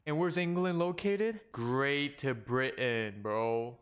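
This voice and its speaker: A young man from Korea doing reaction commentary, talking loudly and bluntly with plenty of swearing and laughter. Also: medium pitch, takes it slowly, clear, resonant tone. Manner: loud, blunt and profane, with frequent laughs. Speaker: commentary YouTuber.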